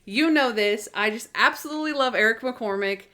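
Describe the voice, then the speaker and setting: A woman's voice: a little high, fairly quick, bright, forceful tone, slight background noise. Gushing woman podcast co-host. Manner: enthusiastic, gushing fan talk. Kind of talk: casual chat.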